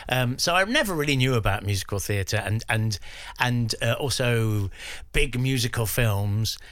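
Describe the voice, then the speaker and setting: A man's voice: mid-range voice, moderate pace, no echo. An English man in his fifties, a guest DJ reminiscing in a radio interview and acting out the voices he quotes. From England. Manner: animated storyteller who acts out quoted voices.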